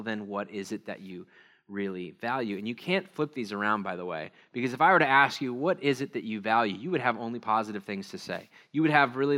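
Bright-voiced pastor with a rambling sermon. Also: male voice, medium pitch. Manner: rambling, self-deprecating, many fillers. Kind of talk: casual sermon.

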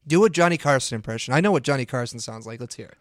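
A man's voice: medium pitch, animated, rapid-fire, no room sound, studio quality. A man co-hosting a podcast in casual chat, playful and teasing. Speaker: podcast co-host.

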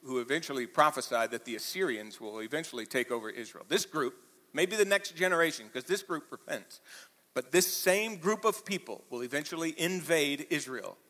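A man preaching a sermon to a church, talking conversationally, dropping to quiet asides and rising to loud emphatic peaks. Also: a little high, animated, moderate pace, long reverb tail. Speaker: pastor. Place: church auditorium.

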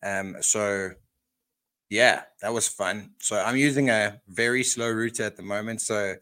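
A relaxed South African man in casual podcast chat. His voice sits on the low side, and he takes his time over his words. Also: unhurried. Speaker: podcast co-host.

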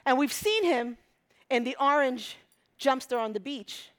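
A woman's voice: high-pitched, expressive, a little slow. Passionate woman preacher from Egypt. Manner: passionate, swinging between hushed whispers and loud emphatic peaks. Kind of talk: sermon.

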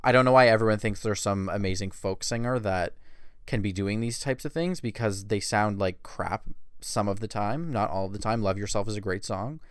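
A man's voice: fairly low pitch, moderate pace, clear, resonant tone, no room sound, clean studio sound. A man in his late twenties giving blunt, sarcastic celebrity gossip commentary, with frequent swearing. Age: late 20s.

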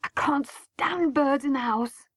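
A woman voicing an upset middle-aged mother in a storybook reading, sharp and scolding. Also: high-pitched, slow, no room sound, pitched above the performer's own voice. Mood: scolding, exasperated. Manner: shouting, scolding.

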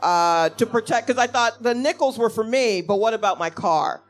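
Casting: animated woman comic, story told with a grin, faint music under. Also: on the high side, moderate pace. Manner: lively, jokey, laughs at her own punchlines. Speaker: comedian, storytelling guest.

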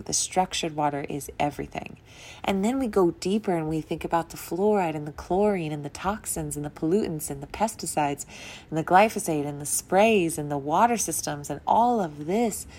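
Young woman, podcast host, slightly low voice, heartfelt, rambling spiritual chat. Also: moderate pace, darkish tone. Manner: earnest, emotional, wandering sentences with laughs. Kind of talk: casual spiritual monologue.

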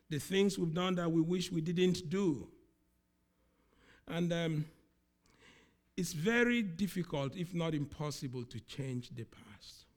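A man preaching a sermon, speaking slowly and with emphasis, often repeating key words. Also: sits high.

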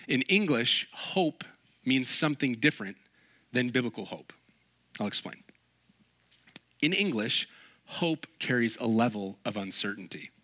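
A man preaching a sermon, animated, acting out little quoted voices and joking with his listeners. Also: mid-range voice. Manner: animated, acts out quoted voices, jokes and laughs. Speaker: pastor.

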